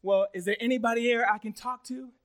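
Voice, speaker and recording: A man's voice: very high voice, fairly even intonation, fast, pitched above the performer's own voice. A man playing a puzzled boss who keeps asking insistent questions over the phone. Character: puzzled male boss calling an employee.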